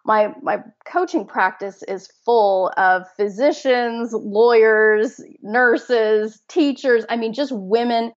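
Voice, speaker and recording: A woman's voice: on the high side, slow, hardly any pauses. A woman in her forties, a coach as interview guest, speaking earnestly and emphatically, often laughing as she talks. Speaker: guest, fertility mindset coach. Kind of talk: conversational interview. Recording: slightly dull lo-fi audio.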